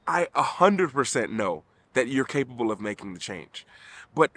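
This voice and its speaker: A man's voice: medium pitch, big pitch swings, normal speed, a bit bright. A middle-aged man giving an earnest motivational talk to camera, emphatic, often restarting his sentences. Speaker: vlogger.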